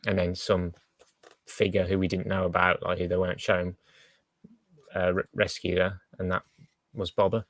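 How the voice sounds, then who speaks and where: Male co-host, very low flat voice, calm and halting, dry close mic. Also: dry recording. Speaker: podcast co-host. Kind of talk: casual chat.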